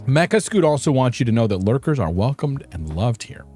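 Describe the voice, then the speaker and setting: A man's voice: mid-range voice, sing-song, brisk, darkish tone, faint music behind. A man streaming a game, chatting casually with viewers in a playful, rambling, self-mocking way. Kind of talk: casual live-stream chat.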